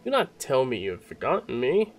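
A man reading game dialogue aloud as a huge, warm old fish-folk king, speaking in a grand, theatrical way. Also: medium pitch, wildly swooping pitch, a little fast, a little hiss or hum.

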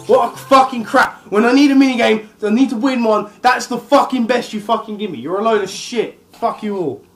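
A man playing a party video game, complaining loudly and swearing nonstop. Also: very high-pitched, fairly quick, echoey room, soft background music. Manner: frustrated, swears constantly. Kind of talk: casual gaming commentary.

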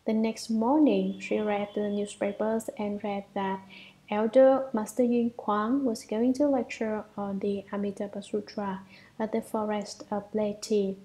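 A woman reading a Buddhist sutra commentary aloud in a measured way, at times half-whispered, with small restarts. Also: medium pitch, flat delivery, warm tone, rough recording.

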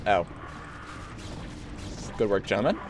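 A man's voice: fairly low pitch, slow. A man streaming a strategy game, joking and barking orders at his units with playful mock belligerence. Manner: giggly and excitable, mock-belligerent. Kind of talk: live gameplay commentary.

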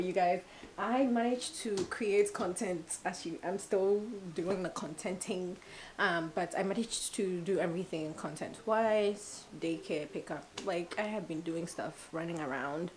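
A woman's voice: fairly low pitch, darkish tone, a little hiss or hum, low-quality recording. A woman in her twenties chatting casually at home in a rambling, giggly vlog. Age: 20s. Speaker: vlogger. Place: home kitchen.

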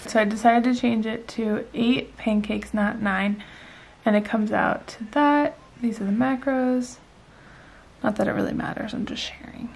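A woman's voice: on the high side, fairly even intonation, a little slow, vocal fry, darkish tone. A woman in her twenties chatting casually in a vlog, gushing and breathless, with lots of fillers. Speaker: vlogger.

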